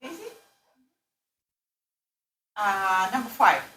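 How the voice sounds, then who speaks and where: A woman teaches a classroom lesson with a lively, swooping voice that rises high as she coaxes and corrects her students. She sounds far from the microphone. The room echoes around her. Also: very slow. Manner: animated, corrective and coaxing. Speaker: language teacher. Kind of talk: classroom instruction. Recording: roomy, distant classroom recording.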